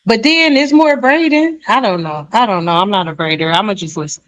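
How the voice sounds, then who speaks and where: A commentator reacts to clips in a casual, wry way, sounding tired and amused. The delivery is relaxed and conversational, in a mid-range voice. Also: mid-range voice, fairly quick, lo-fi sound.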